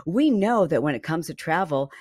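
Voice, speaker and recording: A woman's voice: deep voice, expressive, normal speed, a little mellow, husky, no echo, clean studio sound. A woman mimicking a long-winded airline phone agent. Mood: overly polite. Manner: long-winded, formal, scripted politeness.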